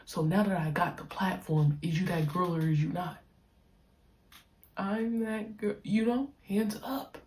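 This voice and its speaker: Young woman podcaster, deep low voice, laid-back slangy monologue, drags out words. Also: a little mellow. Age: young adult. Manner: slangy, stretches key words slowly. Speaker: podcast host, pro basketball player. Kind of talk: casual reflective monologue.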